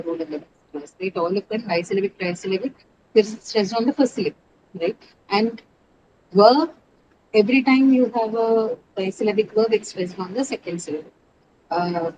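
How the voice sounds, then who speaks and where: A woman's voice: medium pitch, a little mellow, lo-fi sound, a little hiss or hum. A woman teaching English stress rules over a video call, explaining patiently, quizzing her students and often checking with "right?". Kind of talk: online class lecture.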